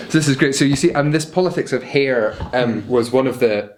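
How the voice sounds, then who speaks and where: A man's voice: mid-range voice, brisk, hardly any pauses, slight background noise. A young man, a doctoral researcher, explaining literature in an interview, thoughtful and hesitant, with restarts. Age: young adult. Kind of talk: academic interview, explaining and reading aloud. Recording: roomy echo.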